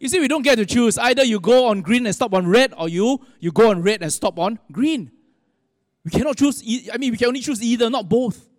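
Male pastor, high voice, sermon in a big reverberant hall, chatty, quizzes the crowd. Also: animated, a little fast, clean studio sound. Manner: conversational, asks the audience questions.

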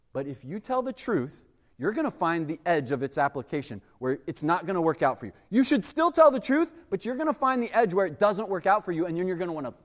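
A young man preaching a sermon, telling stories with lively acted-out quotes. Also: high-pitched. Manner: animated storytelling with acted-out quotes. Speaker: pastor. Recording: long reverb of a large hall.

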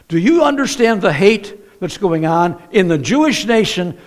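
A man's voice: sits high, expressive, normal speed, hardly any pauses. A man preaching a sermon in a conversational way, often asking the congregation questions.

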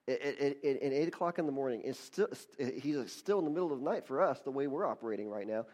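A man's voice: mid-range voice, fast, a little mellow. Man preaching with stumbling repetitions. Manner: repeats and restarts words often, rising to fervent praise. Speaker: pastor. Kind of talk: sermon storytelling.

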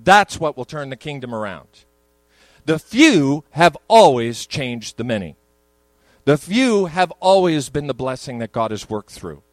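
A man's voice: fairly high pitch, very animated, measured pace, dry recording, low-quality recording. An older man, a pastor, preaching a sermon in a church, moving between conversational asides and emphatic peaks. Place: church sanctuary.

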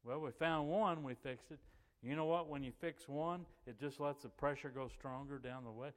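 A man's voice: mid-range voice, moderate pace, big-room sound. A middle-aged man telling a chatty church story, acting out what people said and laughing as he goes. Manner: chatty and animated, acts out quoted voices and laughs as he goes. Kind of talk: folksy anecdotal storytelling.

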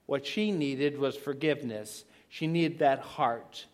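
A middle-aged man preaching a sermon, stressing key words by slowing down and asking the listeners rhetorical questions. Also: medium pitch.

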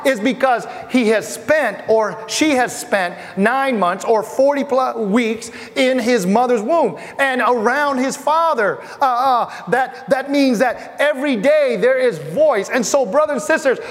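A middle-aged man from Asia preaches in a high voice, talking with the congregation as if in conversation. His words ring out with a long reverb from a church hall. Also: expressive, unhurried, hardly any pauses. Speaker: pastor. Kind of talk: sermon.

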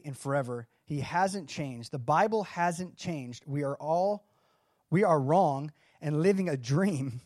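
A man's voice: on the high side, darkish tone, dry recording, studio quality. A man preaching a sermon in a conversational way, reading scripture and adding casual asides. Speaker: pastor.

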